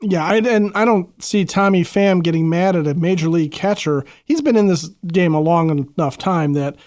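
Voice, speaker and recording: A man co-hosting a sports podcast, talking casually in a measured way with small restarts. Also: high voice, darkish tone, dry recording, studio quality. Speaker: podcast co-host.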